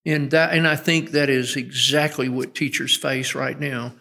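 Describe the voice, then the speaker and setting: Gravelly middle-aged man telling stories. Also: mid-range voice, steady tone, a little slow, sharp tone. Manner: earnest storyteller with frequent restarts. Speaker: guest educator and speaker. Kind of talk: conversational interview. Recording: long hall reverb.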